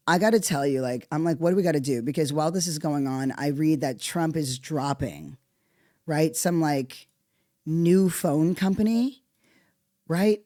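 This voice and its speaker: A podcast host talks alone into a close mic, sarcastic and profane, jumping between loud outbursts and hushed asides. The voice sits in the middle of the pitch range, and the sound is dry, with no room echo at all. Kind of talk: solo podcast monologue.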